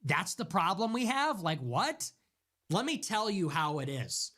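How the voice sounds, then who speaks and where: A man's voice: high-pitched, big pitch swings, unhurried, a bit bright. A man hosting a livestream show, delivering a sarcastic, exasperated rant in political commentary style.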